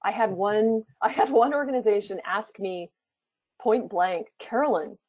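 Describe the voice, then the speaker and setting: Chatty woman demoing software, dull sound. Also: measured pace, dry recording. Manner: chatty, thinking aloud with fillers. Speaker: product presenter. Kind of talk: live product demo, conversational. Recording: dull low-fidelity sound.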